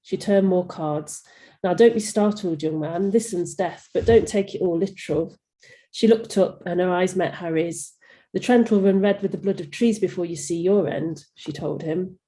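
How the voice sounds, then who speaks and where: A woman's voice: lowish voice, normal speed, mellow, rough recording. A woman from Nottingham, an author reading aloud from her own novel at an online event. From England.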